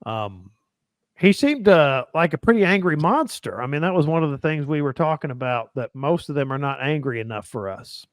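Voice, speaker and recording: A man's voice: fairly high pitch, lively intonation, normal speed, no room sound, studio quality. A man hosting a casual film discussion, rambling with many fillers and restarts. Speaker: podcast host.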